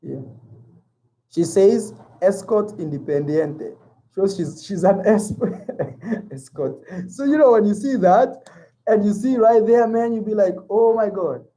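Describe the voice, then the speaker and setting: His voice is high-pitched and dark in tone, animated but at a measured pace, and the audio is poor. He's a travel vlogger from Kenya with a Kenyan accent, chatting casually, often repeating himself and calling viewers "man."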